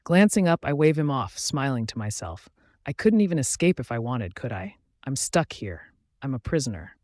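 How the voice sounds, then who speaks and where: A man reads a first-person fantasy audiobook in a reflective, measured way. His voice sits at a middle pitch, recorded dry and close with no room around it. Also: animated, no echo. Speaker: audiobook narrator. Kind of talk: scripted first-person narration.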